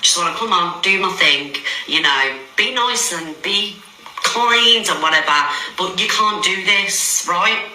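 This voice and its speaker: A woman with a low, very bright and sharp voice speaks defensively on her own stream. She keeps checking in with her listeners by asking "right?" and "okay?". The sound is roomy and echoey. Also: animated, unhurried. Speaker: live-stream host. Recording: roomy echo.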